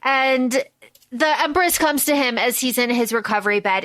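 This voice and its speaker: High-pitched woman dramatically retelling a film. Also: moderate pace, no room sound. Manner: expressive storyteller, voices the characters' arguments with emphasis. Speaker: podcast co-host. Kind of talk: casual chat recapping a film.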